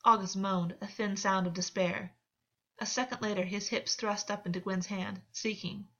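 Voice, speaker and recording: A woman narrates a novel in a steady, measured way. Her voice sits in a middle pitch range. The recording is slightly muffled and lo-fi. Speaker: audiobook narrator. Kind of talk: scripted fiction narration.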